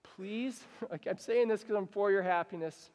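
High-voiced pastor preaching in a reverberant hall. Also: male voice, normal speed. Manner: animated, conversational preaching with acted-out examples. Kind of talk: sermon.

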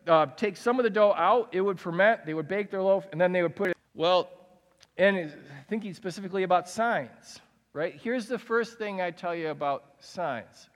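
A man's voice: sits high, normal speed, big-room sound. A man giving a conversational sermon as pastor, often asking his listeners questions. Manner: conversational, asks the audience questions.

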